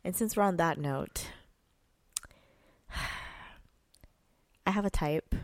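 A woman's voice: lowish voice, slow, no echo. A young woman co-hosting a podcast with a stuffy nose, talking bluntly and swearing freely. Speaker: podcast co-host. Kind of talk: casual podcast chat.

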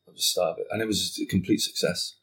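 A man guest on a podcast, telling a story in casual conversation, animated and swearing freely while acting out what people said. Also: low-pitched, fast talker, husky.

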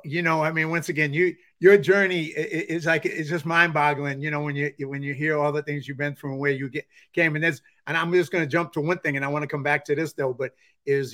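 A man with a slightly raised pitch hosts the interview, rambling and stumbling over his words. His voice sits quiet and a little distant from the mic. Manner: rambling, halting. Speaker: host.

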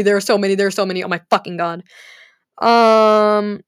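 A woman's voice: medium pitch, fairly even intonation, fairly quick, a bit bright, clean tone, dry recording, clean studio sound. A young woman talking candidly to camera in a rambling, self-deprecating way, swearing freely. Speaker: vlogger. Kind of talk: candid personal vlog.

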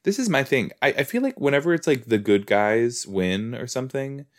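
A man casually reacting to a TV episode as a podcast host, rambling and excitable, often cutting himself off mid-thought. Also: mid-range voice, normal speed. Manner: rambling, excitable, self-interrupting.

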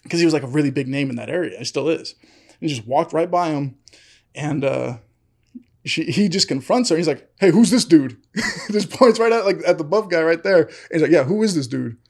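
A man's voice: a little high, animated, a little fast. A young man telling a long story on a casual podcast chat, full of fillers, laughing often. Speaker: podcast co-host.

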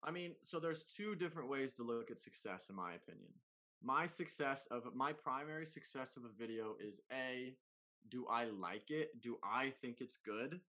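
Brief: man, mid-pitched, animated slangy talker, casual podcast guest. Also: normal speed. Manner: animated, slangy, big swings in pitch and loudness. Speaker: comedy content creator guest.

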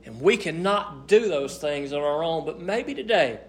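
Preacher, male, high voice, emphatic sermon delivery that swings between loud and hushed. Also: animated, moderate pace, hardly any pauses. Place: church service.

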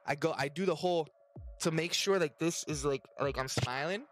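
A man's voice: on the high side, normal speed, a little hiss or hum. A man with an American accent, co-hosting a podcast, chatting casually about restaurant serving in a rambling way full of restarts. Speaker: podcast co-host and restaurant server. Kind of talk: casual chat.

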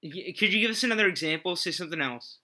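A man's voice: high voice, lively intonation, quick pace, pushed and bright. A man hosting a comedy podcast in a loose, rambling way, with lots of "uh" and "um.". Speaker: podcast host.

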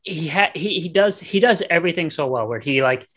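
A man's voice: fairly high pitch, expressive, a little fast, fairly bright tone. A man co-hosting a podcast, talking about a film in a laid-back, casual way. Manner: laid-back, says "dude" and "like" a lot. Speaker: podcast co-host. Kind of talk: casual film review chat.

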